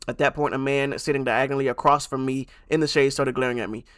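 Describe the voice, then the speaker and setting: A young man streaming and reacting to online posts. He swings from loud outbursts to low mutters and restarts his sentences often. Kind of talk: live-stream reaction commentary.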